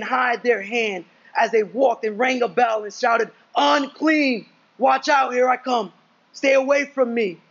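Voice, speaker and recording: High-voiced husky male preacher. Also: lo-fi sound. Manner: engaging, asks congregation questions. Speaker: pastor. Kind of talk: sermon.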